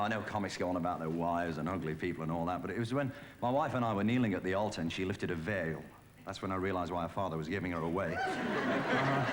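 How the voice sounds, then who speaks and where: A man doing a stand-up comedy routine on a variety show, rattling off quick one-liners. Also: sits low. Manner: rapid one-liners, lively punchline delivery. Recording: noisy old off-air TV tape.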